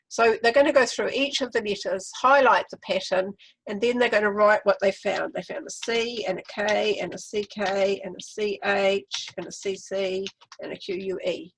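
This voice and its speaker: A woman's voice: medium pitch, moderate pace, gravelly, a bit bright, breathy edge, rough recording. A woman with a New Zealand accent presenting a literacy webinar, explaining classroom activities step by step.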